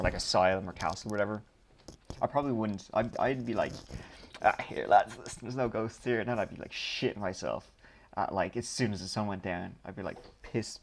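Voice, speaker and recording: Low-voiced Dublin man chatting on stream. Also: slight background noise. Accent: Dublin Irish. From Ireland. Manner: rambling, reads questions aloud then answers with many ums. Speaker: streamer answering viewer questions. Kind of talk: casual live-stream chat.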